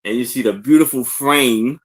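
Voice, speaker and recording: A man co-hosting a live online sale, describing an old framed photo in slow, halting talk full of fillers. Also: mid-range voice. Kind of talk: casual live sale chat.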